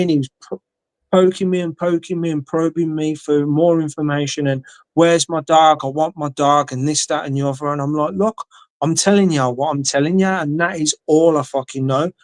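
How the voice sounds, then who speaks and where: A man's voice: fairly high pitch, a little mellow, no room sound. English man telling a sweary story. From England. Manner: swears freely, acts out quoted dialogue. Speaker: guest. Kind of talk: casual storytelling.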